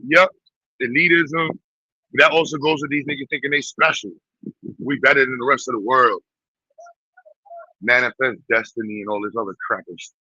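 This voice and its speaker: A man with a New York accent hosting a blunt, profane, animated rant in quick bursts. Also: mid-range voice, breathy edge, no room sound. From Brooklyn, New York. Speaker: host. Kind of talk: casual ranting commentary. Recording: dull, muffled dry sound.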